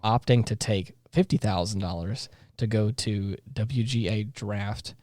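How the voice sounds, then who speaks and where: Low-voiced man reading movie trivia. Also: measured pace, darkish tone, no room sound. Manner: reads facts aloud with fillers and laughs. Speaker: podcast co-host. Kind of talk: casual podcast chat, reading trivia aloud.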